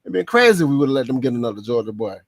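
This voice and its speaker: Animated man, gravelly and lively. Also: medium pitch, very fast, dry recording, clean studio sound. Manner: animated, slangy, laughs often, repeats phrases. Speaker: sports podcast host. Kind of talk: casual live-streamed sports talk.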